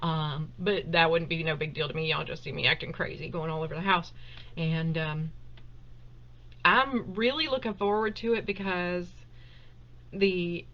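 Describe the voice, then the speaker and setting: A woman's voice: lowish voice, moderate pace, highs cut off. A woman chatting casually and emotionally on a home livestream, with lots of fillers and laughter. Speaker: host of a live Q&A stream. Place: at home, indoors. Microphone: webcam on a desktop.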